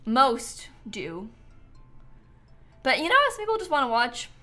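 A woman with a slightly high voice chats to her live-stream viewers while playing, bubbly and quick to giggle. She sounds a little tired, and soft music plays faintly under her talk. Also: very animated. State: yawning, tired. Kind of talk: casual live-stream game commentary.

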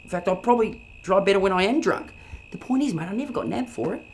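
A woman playing a loud, brash male Australian bogan junk seller who rants crudely in a comedy film. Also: mid-range voice, expressive, fast, a little hiss or hum, natural voice. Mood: ranting. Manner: bossy, ranting and crude. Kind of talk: low-budget comedy film acting.

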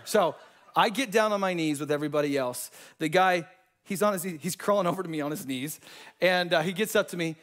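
A man preaching a sermon and telling personal testimonies in a casual, slangy, animated way. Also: high-pitched, fast talker. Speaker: pastor.

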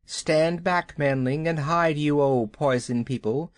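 A man voicing a huge old male python in a children's audiobook, drawing out his words in a slow hiss. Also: a little high, no room sound, studio quality. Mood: amused. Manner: slow, drawn-out hissing speech.

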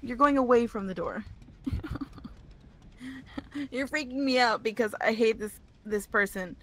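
A woman chatting casually while playing a co-op game, laughing often and shouting urgent directions to her partner. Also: a little high, unhurried. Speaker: gaming channel co-host. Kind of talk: casual co-op gaming chat.

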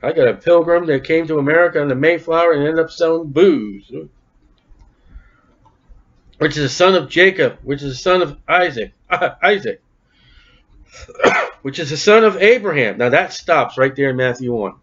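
A man's voice: on the high side, lively intonation, moderate pace, long pauses, a bit bright. Guy preaching a sermon, reads the bible list then jokes around, kinda muffled lo-fi sound. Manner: folksy, breaks off the reading with wry joking asides. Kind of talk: sermon, reading scripture aloud. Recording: dull lo-fi recording.

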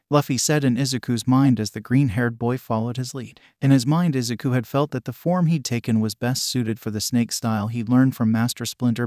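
A man reading fan fiction aloud in an even, steady storytelling manner. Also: mid-range voice, dry recording, studio quality. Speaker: narrator.

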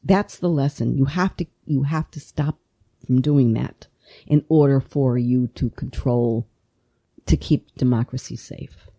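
Impassioned low-voiced woman podcast host. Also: dark tone, husky. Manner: impassioned, voice climbs when emotional; rapid, repetitive restarts. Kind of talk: political talk show discussion.

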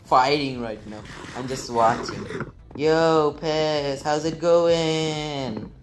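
A man in a game voice chat, loudly teasing and announcing results like a mock announcer. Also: on the high side, drawn-out words, background noise. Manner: loud, teasing announcer-style shouting.

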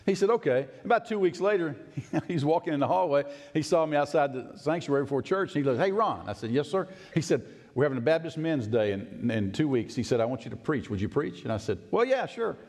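A male pastor preaching a sermon in a folksy, animated way, swinging from excited high bursts to low, quiet emphasis and laughing often. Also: brisk. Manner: folksy, laughs often, acts out his own past words. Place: church sanctuary. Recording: long reverb of a church sanctuary.

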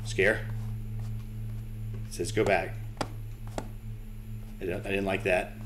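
A man's voice: sits low, little pitch movement, slow, a bit bright, soft background music. Jumpy swearing man playing a horror game. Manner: nervous, swearing, talking to himself and the game. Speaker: gaming channel host. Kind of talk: horror game playthrough commentary.

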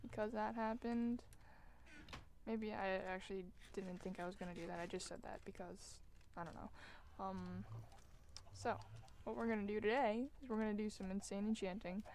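A woman hosting a gaming video, chatting casually as she plays. She mocks herself and breaks into loud, excited exclamations. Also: medium pitch, normal speed, slight background noise. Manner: excitable, self-mocking, bursts into loud exclamations. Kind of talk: casual gameplay commentary. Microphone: desk microphone while gaming.

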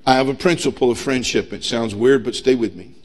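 A middle-aged man preaching a sermon as pastor, emphatic and humorous, swinging between loud pushes and quiet asides. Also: mid-range voice, a little fast. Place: church sanctuary.

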